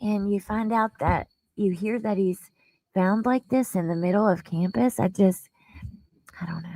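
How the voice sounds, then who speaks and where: A woman's voice: medium pitch, unhurried, darkish tone, dry recording, low-quality recording. A woman hosting a casual livestream, talking to her viewers in an earnest, openly emotional and chatty way as she goes through news and reads the chat. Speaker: livestream host.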